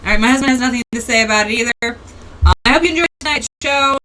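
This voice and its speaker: A woman's voice: a little high, racing, bright, forceful tone, a little hiss or hum, rough recording. A woman hosting a casual livestream, rambling through tangents and laughing often. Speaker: host.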